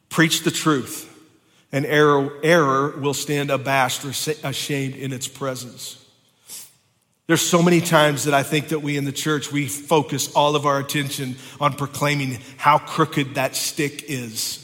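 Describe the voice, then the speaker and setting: A man's voice: a little high, steady tone, measured pace, fairly bright tone. A male pastor preaching a sermon in a church, building with passion and often repeating words as he goes. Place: church sanctuary. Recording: long reverb of a church hall.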